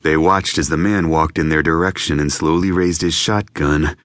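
A man narrating an audiobook in an even, measured reading voice. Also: very deep voice, no echo, studio quality. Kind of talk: scripted narration.

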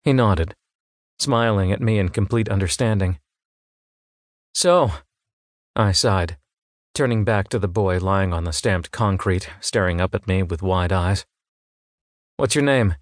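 A man narrating an audiobook in first person, with a fairly low voice. The sound is close and dry, with no room around it. He tells the story in a measured, engaged way. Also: fairly even intonation, no echo.

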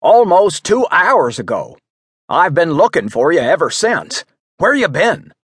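A man voicing an excitable, folksy older townsman who talks urgently, with a husky edge. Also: mid-range voice, unhurried, no room sound, studio quality, full character voice.

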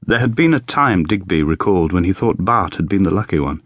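A man narrating an audiobook in a measured, even storytelling manner. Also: sits low, no echo. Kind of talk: scripted narration. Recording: dry studio voice-over.

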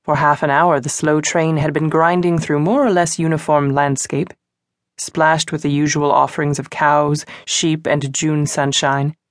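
A woman narrating a mystery novel for an audiobook, with a lowish voice and a measured, even delivery. She is close to the mic, and the studio sound is dry. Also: no echo. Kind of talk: scripted narration.

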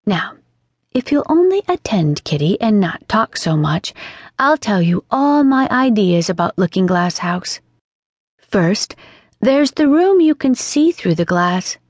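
A woman's voice: medium pitch, big pitch swings, unhurried, no echo. A woman voicing a chatty, imaginative young girl in an audiobook, earnest and lilting. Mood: coaxing. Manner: earnest, scolding and dreamy by turns, lilting. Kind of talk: audiobook character reading. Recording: dry studio sound.

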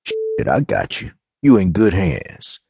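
A man's voice: deep voice, big pitch swings, takes it slowly, background noise, full character voice. A man doing a swaggering street hustler. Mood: cocky. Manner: slangy, swaggering. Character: cocky, menacing streetwise young man.

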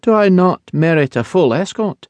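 A man voicing a wary, proud young noblewoman in an audiobook, speaking in a lifted, crisp and guarded way. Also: sits high, animated, moderate pace, dry recording, pitched above the performer's own voice.

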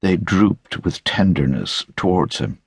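Male narrator, deep and husky, slow and deliberate, dry close studio sound. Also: expressive, dry recording. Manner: measured, wry, deliberate. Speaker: audiobook narrator. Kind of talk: literary audiobook narration. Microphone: close studio mic.

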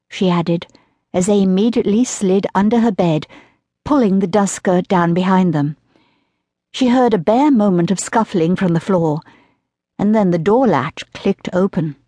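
A woman narrating an audiobook in an even, measured storytelling voice. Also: mid-range voice, no echo. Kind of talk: scripted narration of a historical romance.

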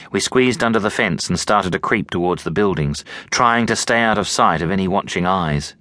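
A man narrating an audiobook in the first person, telling the story in an expressive, tense way. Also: low voice, moderate pace, few pauses, dry recording. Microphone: close studio mic.

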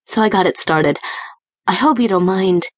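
A woman's voice: medium pitch, normal speed, no room sound, studio quality, lightly acted. Woman doing an eager, flustered young woman.

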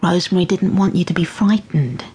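A woman voicing a calm, kind elderly grandmother in an audiobook, speaking softly and gently, almost in a whisper. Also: medium pitch, moderate pace, slightly rough. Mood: gentle. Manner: soft, gentle, half-whispered.

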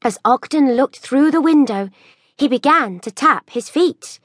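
A woman narrating a children's audiobook in an expressive storytelling manner. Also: sits high, measured pace, dry recording, clean studio sound.

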